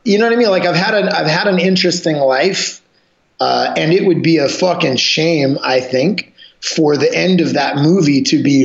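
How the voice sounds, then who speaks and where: Gravelly, profane storyteller man. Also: on the high side, normal speed. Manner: profane, rambling, animated storyteller. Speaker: podcast guest, jiu-jitsu instructor. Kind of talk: casual storytelling chat. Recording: roomy, dull lo-fi sound.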